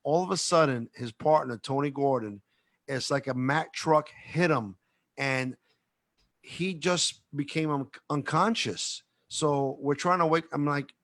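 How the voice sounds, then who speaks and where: The voice is a man's, pitched a little high and heard dry and close with no room sound. He tells an animated, rambling story over a video call, often circling back and restarting his sentences. The tone is that of a casual chat with industry friends. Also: a little slow, no echo. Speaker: guest from the cigar industry. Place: at home.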